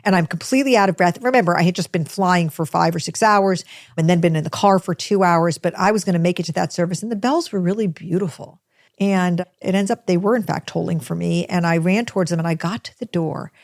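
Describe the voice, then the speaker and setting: American woman, middle-aged, lowish voice, dry close sound, lively self-deprecating storyteller. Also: a little fast, dry recording. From United States. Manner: chatty, animated, self-deprecating. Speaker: host telling a personal story. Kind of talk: personal storytelling.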